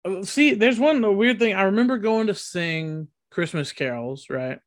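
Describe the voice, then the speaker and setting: A man's voice: sits high, animated, unhurried. A young man co-hosting a podcast in casual chat, laid-back and heavy on slang like dude and bro. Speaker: podcast co-host.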